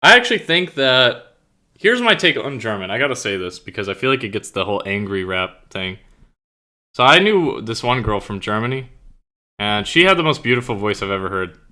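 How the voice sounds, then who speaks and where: Very animated and brisk, this young man banters with his viewers' live chat on stream using his own mic, rambling, dropping fillers and swearing casually. His voice is fairly low in pitch with a sharp tone.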